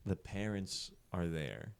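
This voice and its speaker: A man's voice: low voice, lively intonation, slow, creaky, smooth. A man in his twenties from central Pennsylvania, a podcast guest telling a story in a loose, casual way with lots of swearing and filler words.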